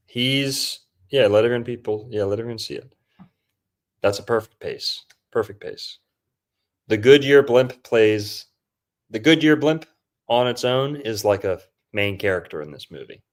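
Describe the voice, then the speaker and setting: A man's voice: mid-range voice, measured pace, pauses often. A man hosting a podcast in casual chat, joking and mocking as he riffs. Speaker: podcast host.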